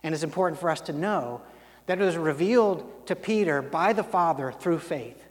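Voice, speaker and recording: A man with a high voice preaches a sermon in a large hall, and the sound carries a long reverb. He talks conversationally, stumbling into restarts, then acts out the quotes he tells. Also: normal speed. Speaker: pastor.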